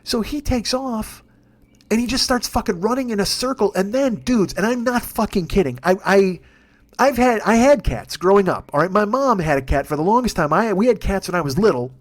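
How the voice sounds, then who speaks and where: A man telling a long comic story in a profane, rambling, animated way, as a podcast host. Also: high voice, fairly quick. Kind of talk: comedic storytelling monologue.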